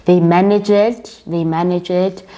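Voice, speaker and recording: A young woman with a South African accent tells a personal story straight to her viewers, slow and unhurried. Her voice sits a little low. She keeps calling them guys and acts out the people in her story. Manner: chatty, animated retelling with quoted dialogue. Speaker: vlogger. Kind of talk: casual storytime chat.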